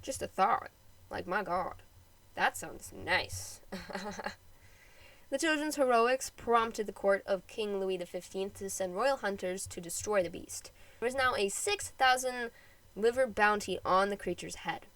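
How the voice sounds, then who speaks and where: A woman's voice: mid-range voice, unhurried, a bit bright, dry recording, poor audio. A woman narrates a history episode for her own podcast, reading from a script. She keeps slipping into casual, joking asides between the read passages. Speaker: podcast host.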